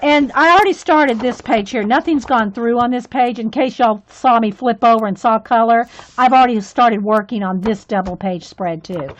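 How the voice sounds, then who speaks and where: A woman's voice: fairly high pitch, normal speed, hardly any pauses, a little hiss or hum. A woman hosting a casual livestream while coloring, chatty and gushing with frequent exclamations. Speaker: livestream host coloring with viewers. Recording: dull lo-fi sound.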